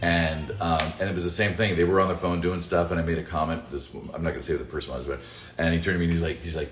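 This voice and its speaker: A man's voice: deep voice, fairly even intonation, quick pace. A man who voices characters, answering fan questions in a casual livestream Q&A. He jokes, swears casually and reads the chat aloud. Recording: roomy echo with faint music.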